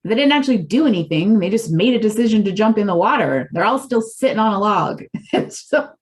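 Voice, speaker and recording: Speaking briskly in an expressive, mid-range voice, a middle-aged woman shares a rambling personal testimony for a recovery community. Her manner is earnest, candid and confessional.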